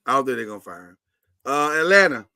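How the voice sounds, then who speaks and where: A man's voice: mid-range voice, sing-song, quick pace, pushed and bright, no echo. A man hosting a casual sports talk show, chatty and opinionated as he runs the segments.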